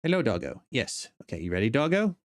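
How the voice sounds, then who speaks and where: A man's voice: mid-range voice, big pitch swings, quick pace. A man chatting casually on a live game stream, sleepy and talkative, greeting viewers. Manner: drowsy, chatty, breaks into silly sung ditties.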